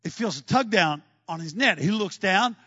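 A man preaching a sermon, telling stories with lively energy and acting out the scenes he describes. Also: high voice, moderate pace, no room sound, muffled recording. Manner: animated storytelling, acts out scenes.

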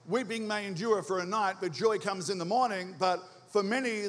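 An Australian man preaching a sermon in a church, fast and energetic, stirring up the congregation with call-and-response questions. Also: high voice, big-room sound. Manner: talks quickly. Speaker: visiting preacher.

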